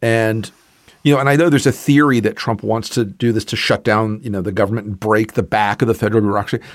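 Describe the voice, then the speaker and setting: Brief: man, political guest, blunt and sarcastic, low voice, dry close mic. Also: fairly even intonation, fast, no room sound. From Southern United States. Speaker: podcast guest, political commentator. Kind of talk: casual political conversation.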